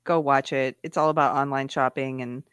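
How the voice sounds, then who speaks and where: A woman co-hosting a casual live stream, chatty and quick to laugh. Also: a bass voice, fairly even intonation, clean tone, no echo, studio quality. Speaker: co-host.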